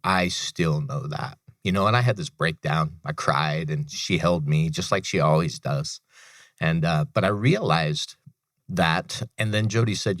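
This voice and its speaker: Extremely low in pitch yet fairly bright, a man's voice unfolds at a measured pace. The thirty-something veteran and author appears as an interview guest on a business radio show, earnestly recounting personal stories with phrases he repeats. The studio-quality recording has no echo.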